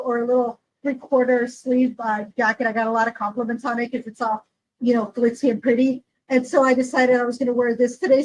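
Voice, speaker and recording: A woman's voice: high voice, a little hiss or hum, low-quality recording. A woman co-hosting a podcast in casual chat, rambling with many fillers. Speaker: podcast co-host.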